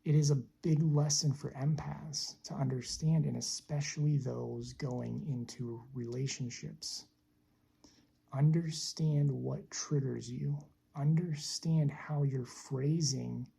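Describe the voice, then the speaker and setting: A woman speaks as a spiritual teacher, unhurried and deliberate, often repeating a phrase to let it land. Her voice is heavily gravelly with a very dark, mellow tone. It sounds breathy and husky throughout. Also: a bass voice. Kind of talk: slow reflective teaching monologue.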